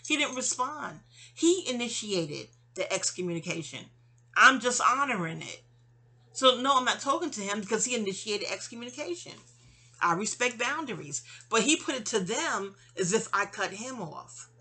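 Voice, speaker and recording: Lady venting a long story, bright forceful voice, rambly and chatty. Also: fairly high pitch, sing-song, normal speed, husky. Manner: rambling, chatty, acts out quoted dialogue. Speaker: vlogger. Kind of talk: casual storytelling vent. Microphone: audio-only home recording.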